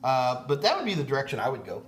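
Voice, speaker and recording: A man hosting a live tech question-and-answer stream, talking casually and slipping in quick jokes and asides. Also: mid-range voice, big pitch swings, a bit bright, slight background noise.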